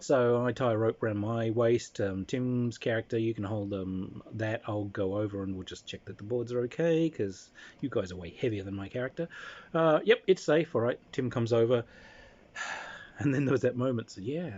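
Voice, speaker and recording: A man tells a playful tabletop-game anecdote in a slightly husky voice, his pitch swinging freely as he slips into voices. The recording is dull and lo-fi. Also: expressive, normal speed, darkish tone. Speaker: storyteller recounting a tabletop game. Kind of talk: casual anecdote with acted-out voices.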